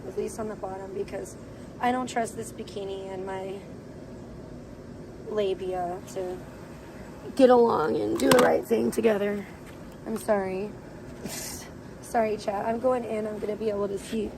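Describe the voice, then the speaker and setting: A woman's voice: mid-range voice, fairly even intonation, moderate pace, gravelly, long pauses, noisy background. A woman livestreaming casually, venting in a rambling way with many fillers as she moves from outdoors into her home. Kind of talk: casual IRL livestream chat. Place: outdoors then moving indoors at home.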